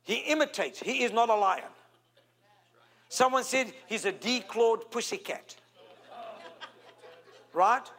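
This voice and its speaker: A man from South Africa with a South African accent, preaching a sermon in an animated way, stretching key words and calling for amens from the congregation. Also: very high voice, takes it slowly, long pauses.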